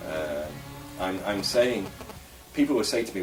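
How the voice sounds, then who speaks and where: Deep-voiced man musing in a roomy space. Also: lively intonation, a little slow, over music. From England. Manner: rambling, musing, opinionated. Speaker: vlogger. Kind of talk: casual monologue to camera. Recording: roomy echo, voice from a distance.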